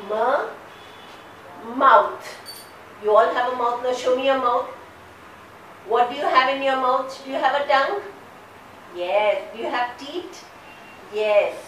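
A middle-aged woman, teaching phonics to small children in a slow, sing-song way and having them repeat words after her. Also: high-pitched. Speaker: kindergarten teacher. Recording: echoey, distant mic with background noise.

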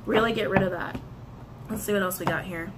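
A woman reading tarot and crystal meanings, animated, repeating her phrases and breaking into excited outbursts. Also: mid-range voice, a little fast, heavy background noise. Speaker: tarot reader.

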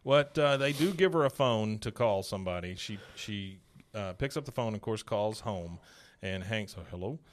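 A man's voice: on the low side, animated, moderate pace. A man hosting a podcast, casually recapping a cartoon episode and quoting its characters in passing voices. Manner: retells scenes, quoting characters in light put-on voices. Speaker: podcast host.

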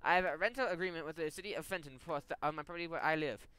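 A man's voice: on the high side, very fast, bright, forceful tone, smooth, no room sound. A man voicing a determined young mother who pleads her case earnestly in a game story.

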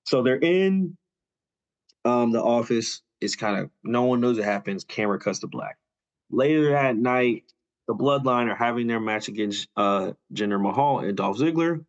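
A young man casually retelling a story on a podcast, loose and filler-heavy, dropping quick quoted lines as he goes. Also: medium pitch, animated. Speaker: podcast co-host. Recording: dull lo-fi audio.

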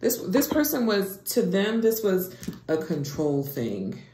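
A woman giving a casual tarot reading to her viewers, expressive, dropping into hushed whispers and rising into excited exclamations. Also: medium pitch, slow. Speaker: tarot reader. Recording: echoey room with background noise.

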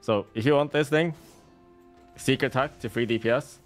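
Male game streamer, sarcastic and salty, mid-pitched voice, casual live commentary. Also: moderate pace, soft background music.

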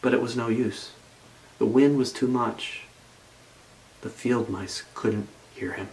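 Male pastor, story time in a sermon, unhurried and expressive. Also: medium pitch, rough recording. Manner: expressive read-aloud storytelling.

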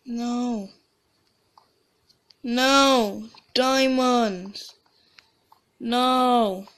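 A woman talks her way through a video game in unhurried, casual commentary. She rambles, repeats herself and often stops partway through a thought before starting over. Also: a little high, steady tone, a bit bright. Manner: rambling, restarts and trails off mid-sentence. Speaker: let's play gamer.

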